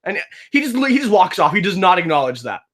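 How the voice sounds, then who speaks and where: Animated young man telling a story. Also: high-pitched, fast talker. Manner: animated storyteller, many restarts and "like"s, acts out the voices in his story. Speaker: game master and podcast host. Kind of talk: casual chat, telling a story.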